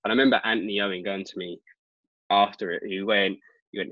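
Low-voiced British man, animated storyteller. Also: quick pace, no room sound. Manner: animated, lots of "like" fillers. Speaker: guest magician. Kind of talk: casual storytelling chat. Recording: dull dry lo-fi sound.

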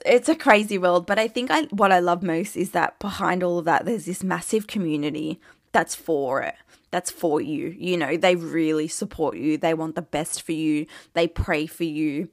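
A young Australian woman speaking in a relaxed, candid way, her voice carrying a gravelly fry. She talks like a social media creator, dropping "like" constantly and swearing without a second thought. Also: lowish voice, normal speed, no room sound, studio quality. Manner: chatty, peppered with "like", swears casually. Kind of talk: casual candid chat.

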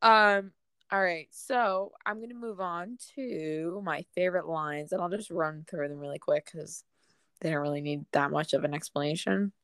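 A young woman with a lowish voice chats casually about favorite lines, dropping "um" between thoughts. The sound is dry and close, with no room around it. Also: moderate pace, clear, resonant tone, no room sound. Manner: relaxed, fond, many "um"s. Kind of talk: casual chat.

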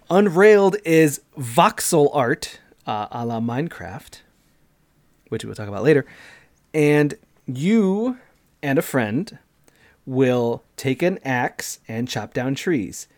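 A man in his thirties, co-hosting a casual gaming podcast and walking through how a game plays, step by step and with animated energy. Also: on the high side, slow pace. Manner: animated, explains games step by step. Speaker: podcast co-host.

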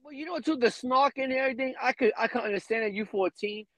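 A man's voice: very high-pitched, fast, a bit bright, no echo. A man in casual podcast banter who jokes, interrupts and keeps cutting in. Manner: interrupting, joking, keeps saying "listen".

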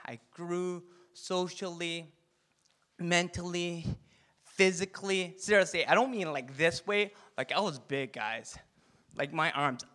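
A man's voice: sits high, sharp tone. A young man preaching to a youth group in a playful style, quizzing listeners by name and telling his own story. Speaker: youth pastor.

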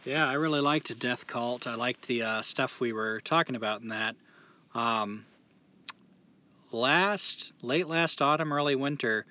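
A man's voice: medium pitch, bright, forceful tone. A man co-hosting a podcast, reading a reflective passage and then talking casually and thoughtfully, with fillers and restarts. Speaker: podcast co-host. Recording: dull lo-fi sound.

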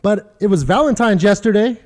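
A middle-aged man with a high voice preaches to his congregation. He tells stories with animation and keeps asking them questions. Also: moderate pace. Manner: animated storytelling, quoting others in funny voices, talks directly to the congregation. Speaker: pastor. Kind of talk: sermon.

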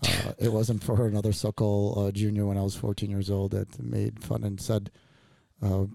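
A man's voice: fairly low pitch, little pitch movement, normal speed, gravelly, dark tone, no echo. A man hosting a podcast, telling family stories in a rambling, laughing way with many fillers. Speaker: podcast host. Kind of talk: casual heartfelt chat.

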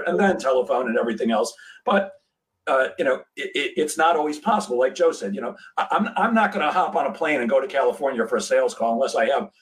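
A podcast host tells a story casually in an interview, animatedly acting out the quoted dialogue. His medium-pitched voice sounds set back from the mic, and the recording quality is low.

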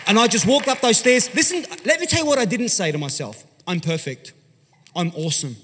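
A man's voice: high voice, a little fast, breathy edge. Australian man preaching in a big hall. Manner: animated, conversational, swings from loud to hushed. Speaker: pastor. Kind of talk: storytelling sermon. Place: large church hall. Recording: long hall reverb.

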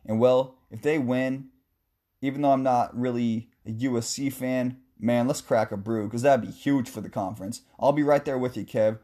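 Male sports talk host, mellow tone, casual and joking, mid-range pitch. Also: normal speed. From West Coast of the US. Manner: chatty, joking, animated asides. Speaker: sports podcast host answering listener questions.

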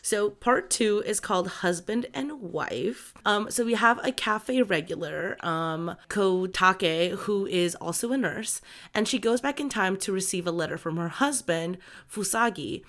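A young woman co-hosts a book podcast in a loose, conversational way. She talks with open feeling and drops frequent "um"s and "like"s as she retells a story. Her voice sits at an ordinary middle pitch. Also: unhurried, a bit bright. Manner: emotional, lots of fillers like "um" and "like". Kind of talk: casual book discussion.

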